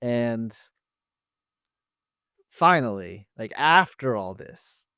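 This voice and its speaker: A man hosts a casual recap podcast in a middle-pitched voice. He rambles and restarts his sentences as he goes. The sound is close and dry, with no room around it. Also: expressive, very slow, pushed and bright, clean tone, no echo. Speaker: podcast host.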